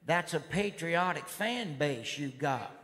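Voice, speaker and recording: A man performing a stand-up routine in a rowdy redneck persona, drawling and shouting. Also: a little high, lively intonation, slow pace. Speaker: stand-up comedian. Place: live comedy stage. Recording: live hall recording with crowd noise. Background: audience laughter and noise.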